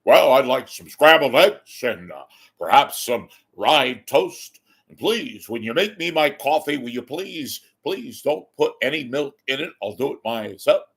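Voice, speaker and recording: A man putting on a slow, grandiose impression of a self-important male radio announcer. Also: mid-range voice, animated, gravelly, a bit bright, breathy edge, exaggerated voice. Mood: fussy. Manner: slow, drawn-out, grandiose delivery.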